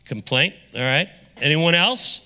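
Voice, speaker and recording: A man preaching a sermon as pastor, energetic and drawing the congregation into call-and-response. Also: on the high side, a little slow. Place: church sanctuary. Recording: long reverb of a large hall.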